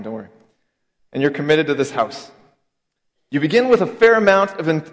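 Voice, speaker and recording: A man preaching a sermon as pastor, conversational, with sudden drops to a hush and bursts of emphasis. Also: medium pitch. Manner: conversational, dramatic swings in loudness. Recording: echoey hall.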